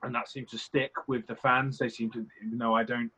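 A man's voice: mid-range voice, flat delivery, brisk, pushed and bright, husky. A young man guesting on an interview, talking casually, rambling and candid with some swearing. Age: young adult. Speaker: reality competition contestant, guest. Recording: slightly muffled lo-fi audio.

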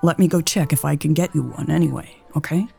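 Woman doing polite young shop girl, kind service voice, low and gravelly. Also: fast talker, dark tone, full character voice.

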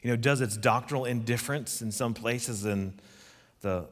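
A man's voice: medium pitch, normal speed, fairly bright tone, in a large hall. A man preaching a sermon, earnest and emphatic, putting questions to his listeners. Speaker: pastor.

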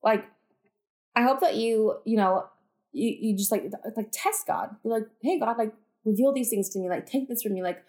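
A woman with a fairly high, mellow voice hosts a podcast, talking casually about faith with her listeners at a normal speed. She's chatty and earnest, full of "like" and "you guys," and declares things with conviction.

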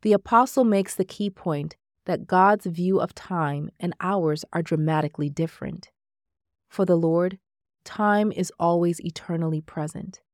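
A woman with a fairly low voice reads a devotional text in steady, measured narration. The recording is close and dry, with no room sound, and she calls out each quotation plainly. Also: no room sound. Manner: measured, steady reading that marks each quote aloud. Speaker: reader of a devotional book. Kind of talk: scripted narration reading aloud.

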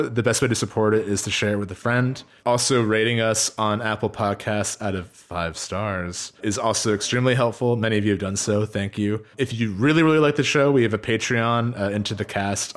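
Low-voiced laid-back podcast co-host man. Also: fairly bright tone. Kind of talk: casual podcast chat.

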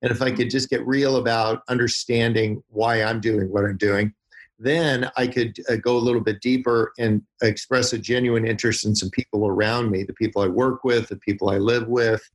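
A man's voice: mid-range voice, steady tone, normal speed. A man, a podcast guest, giving advice through folksy stories and vivid images. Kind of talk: podcast interview.

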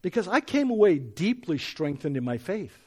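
A man's voice: high voice, very animated, moderate pace. A middle-aged man preaching, telling a personal story and building to emphatic scripture reading. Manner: earnest, rising to emphatic when reading scripture.

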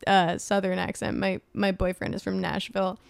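A woman's voice: medium pitch, flat delivery, normal speed, gravelly, clean tone, dry recording. A young woman with a New Jersey accent, a podcast guest in casual chat, blunt and jokey with a self-mocking streak.

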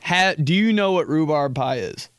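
A man's voice: a little high, lively intonation, normal speed. A young man hosting his own podcast, chatting casually and telling rambling, jokey stories with a lot of swearing. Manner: profane, rambling, jokey storytelling. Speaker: podcast host. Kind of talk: solo casual podcast chat.

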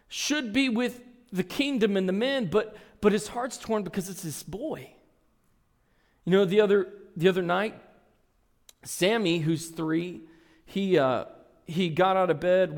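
Man, pastor, high voice, earnest storytelling sermon, long hall reverb. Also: slow, gravelly, a little mellow. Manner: earnest storytelling, reads and retells scripture.

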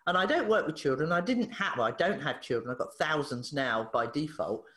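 A woman, a therapist guest on a podcast, telling a story in a lively way, acting out the dialogue and laughing often. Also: low-pitched, a little fast. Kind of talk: animated storytelling in an interview. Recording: echoey room.

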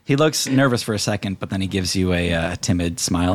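Deep voiced guy gm-ing a tabletop game, laid back, lots of uhs and likes. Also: quick pace. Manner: relaxed, filler-heavy storytelling. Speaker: game master.

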